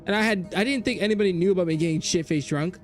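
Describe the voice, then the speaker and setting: A man streaming a game, telling a story in casual chat, animated and profane, jumping between loud outbursts and low mutters. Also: racing, faint music behind. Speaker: gaming streamer.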